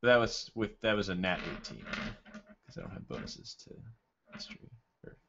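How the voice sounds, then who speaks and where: Deep-voiced male player, bright tone, muffled mic. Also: wildly swooping pitch, normal speed, creaky, very noisy. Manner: asks rules questions. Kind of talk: casual tabletop role-play.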